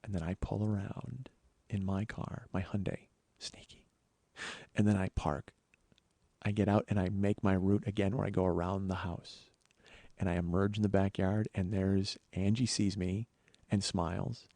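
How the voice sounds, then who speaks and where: A man hosting a podcast, telling a personal story in a storytelling monologue, swearing often and getting louder and higher when worked up. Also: moderate pace, vocal fry, no echo. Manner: profane, excitable, voice rising when worked up. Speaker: podcast host.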